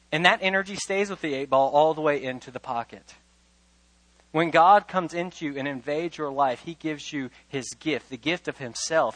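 A man preaching a sermon, with a voice of middling pitch. He is emphatic, pushing key words loud and then falling low and quiet. The sound is dry and close, with little room around it. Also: no room sound, poor audio. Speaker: pastor.

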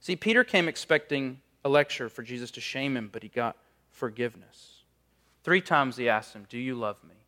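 A man's voice: mid-range voice, lively intonation, moderate pace, sharp tone. A man preaching a sermon in a conversational, storytelling way, with frequent casual fillers.

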